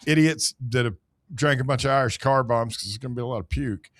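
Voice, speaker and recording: Wry sarcastic radio co-host. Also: male voice, medium pitch, quick pace, a bit bright, no room sound, studio quality. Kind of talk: sports radio banter. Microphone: studio microphone.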